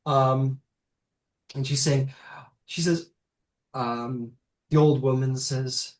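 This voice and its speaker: A man narrating as game master, casual and halting with many restarts. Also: mid-range voice. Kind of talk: narrating a tabletop game online. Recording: roomy echo.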